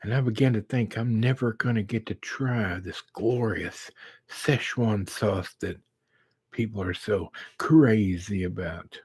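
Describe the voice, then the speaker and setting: A middle-aged man with a slightly husky, low voice spins a casual anecdote for a live stream. He takes his time, drawing words out as he goes, and the sound is close and dry. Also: a little mellow, dry recording. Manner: slow, drawn-out storyteller who acts out quoted dialogue.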